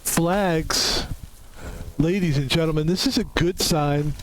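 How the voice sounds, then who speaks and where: A man's voice: fairly high pitch, slow. Man rambling over gameplay. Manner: rambling, self-talking, musing aloud. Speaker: game streamer. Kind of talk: casual gameplay commentary.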